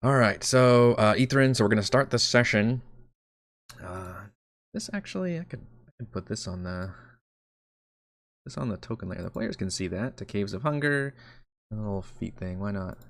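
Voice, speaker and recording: Low-voiced rambling game master. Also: male voice, lively intonation, normal speed, long pauses, dry recording, studio quality. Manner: rambling, self-correcting, laughs at himself. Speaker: dungeon master. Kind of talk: casual live-stream prep talk.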